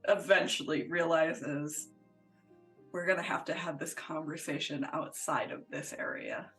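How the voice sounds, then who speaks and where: A player talking through plans slowly and hesitantly at a tabletop game. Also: mid-range voice, steady tone, pushed and bright, distant mic, soft background music. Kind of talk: casual tabletop play.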